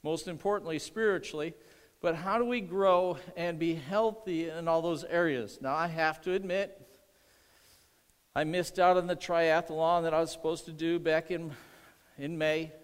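A man's voice: fairly high pitch, steady tone, normal speed, clean tone, long reverb tail. A middle-aged man preaching a sermon as pastor, earnest, repeating phrases and calling for amens.

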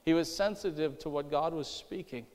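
Male preacher, slightly high voice, storytelling sermon, reverberant hall. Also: moderate pace. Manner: storytelling, repeats himself, rises and falls in loudness.

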